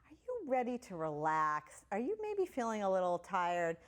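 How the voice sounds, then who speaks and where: A middle-aged woman leads children through a guided relaxation in a gentle, unhurried voice. She speaks softly at a medium pitch, giving slow, soothing instructions. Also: wildly swooping pitch. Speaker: kids' yoga teacher. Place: indoors at home on a yoga mat.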